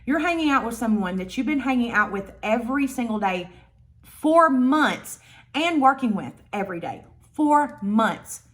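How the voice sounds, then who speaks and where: A woman telling a storytime vlog in a blunt, profane, animated way. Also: on the high side, moderate pace. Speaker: vlogger.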